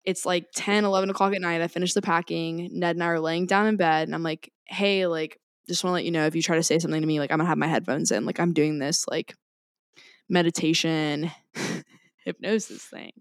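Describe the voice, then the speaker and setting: Lady on a podcast, telling a story all animated and laughing a lot, lowish voice, dry close sound. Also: a little fast, no room sound. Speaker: podcast co-host. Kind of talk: casual chat.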